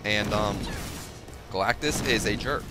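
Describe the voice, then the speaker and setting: A young man hosting his gaming video, giving profane, excitable commentary with sudden yelps while he plays. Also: fairly low pitch, measured pace. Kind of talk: profane live gameplay commentary. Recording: game music behind voice.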